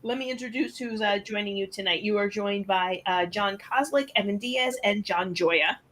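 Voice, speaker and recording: A woman co-hosting a sports talk show, introducing guests and moving things along briskly. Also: mid-range voice, fairly bright tone, a little hiss or hum. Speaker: show co-host.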